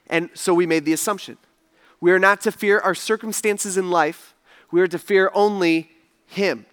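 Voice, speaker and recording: A man with a high voice preaching a sermon. He tells the story casually and keeps checking in with the congregation through direct questions. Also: bright, forceful tone, clear, resonant tone. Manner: conversational storytelling, asks the crowd questions. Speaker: pastor.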